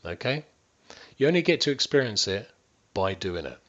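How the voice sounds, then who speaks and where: Leading a guided stress-management session, this wellbeing coach talks straight to his listeners and frequently checks on them, demonstrating with near-whispers and drawn-out words. He has a mid-range, sing-song voice with a fairly bright tone, and the recording's high frequencies are cut off.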